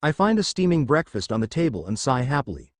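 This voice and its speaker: A man reading a first-person fan fiction audiobook in a lively, expressive way. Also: medium pitch, quick pace, no room sound, clean studio sound.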